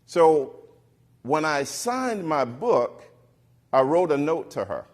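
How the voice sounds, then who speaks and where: A middle-aged man on stage telling a personal story to an audience, animated and acting out the voices of the people he quotes. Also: a little high, slow pace. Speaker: keynote speaker. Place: stage before a live audience.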